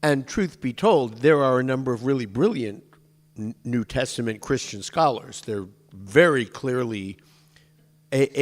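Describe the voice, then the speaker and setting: Man, mid pitch, casual storytelling, digressive, restarts sentences, long hall reverb. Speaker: speaker addressing a congregation.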